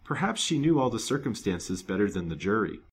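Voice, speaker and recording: Frail earnest young woman, storybook figure, emotional, voiced by a man, low-pitched. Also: big pitch swings, brisk, slight background noise. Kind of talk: storybook reading.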